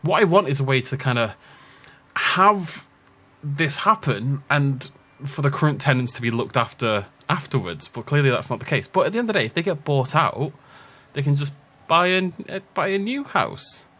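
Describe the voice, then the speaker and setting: A man's voice: a little high, expressive, moderate pace, bright, forceful tone. A man from the Isle of Man commenting casually on a game he is playing, rambling and thinking aloud. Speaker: let's play host.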